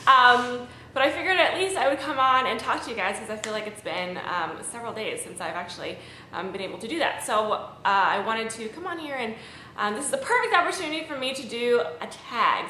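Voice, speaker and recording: Bright, chatty woman vlogger. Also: fairly high pitch, slight background noise. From Maryland, USA. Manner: chatty, rambling, with frequent ums. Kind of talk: casual chat to camera. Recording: echoey room.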